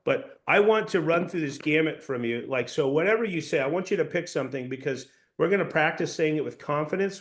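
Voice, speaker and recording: Guy coaching sales reps, kinda high voice, repeats himself a lot explaining stuff. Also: lively intonation, a little fast, hardly any pauses. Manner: instructive, repeats and restarts phrases. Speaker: sales trainer. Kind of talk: coaching a practice session.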